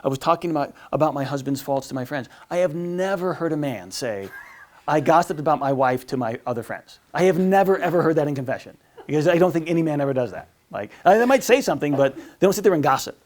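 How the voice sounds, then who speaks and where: A priest giving a casual teaching talk on marriage, often stumbling over and repeating words and acting out little exchanges. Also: male voice, fairly high pitch, lively intonation, quick pace, a little mellow. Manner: conversational, repeats words, acts out quotes.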